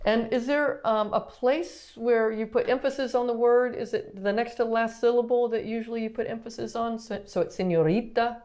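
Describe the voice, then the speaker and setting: A woman who is a pediatric therapist, leading a casual lesson and asking hesitant questions with many pauses and restarts. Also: fairly high pitch, fairly even intonation, darkish tone. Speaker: pediatric physical therapist teaching.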